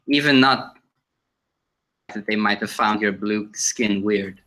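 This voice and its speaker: A man's voice: on the low side, takes it slowly, bright, forceful tone. A man playing a tabletop game, chatting and teasing in a playful way. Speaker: player. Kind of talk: tabletop role-play.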